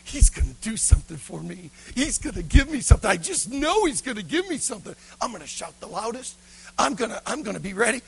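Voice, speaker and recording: A man voicing an excited little beggar boy who shouts high and shrill. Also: normal speed, creaky, husky, exaggerated voice. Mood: eager.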